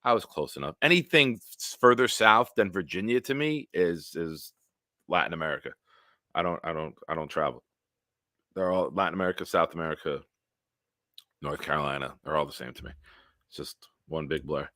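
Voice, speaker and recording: A man hosting a casual solo livestream, telling stories in a rambling, animated way with big swings in loudness. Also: very deep voice, a little fast, no room sound, clean studio sound. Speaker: livestream host.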